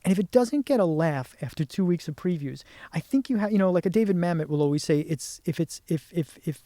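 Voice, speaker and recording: Fast-talking New York playwright. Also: male voice, on the high side, no room sound. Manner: animated, quick and emphatic. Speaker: playwright guest. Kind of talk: casual chat.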